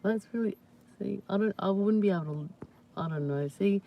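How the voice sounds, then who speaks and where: A woman hosting a casual live chat with viewers, talking warmly and reassuringly with many "you know"s and "yeah"s. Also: medium pitch, moderate pace, lo-fi sound. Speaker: livestream host.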